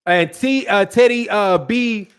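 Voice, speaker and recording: A man with a fairly high speaking voice hosts a boxing live stream. He talks in emphatic, repetitive bursts, stressing each point twice over between viewer chat messages. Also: slow pace, clear, resonant tone. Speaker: boxing channel host. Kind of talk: live-stream commentary reading viewer chats.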